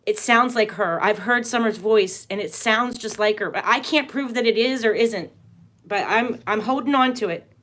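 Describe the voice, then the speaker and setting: A woman's voice: a little high, moderate pace, a bit bright. Woman on a livestream rambling on, keeps restarting, really earnest about it. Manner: rambling, repeats herself, restarts often; earnest and emphatic. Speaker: tarot and astrology livestream host. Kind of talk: casual livestream talk.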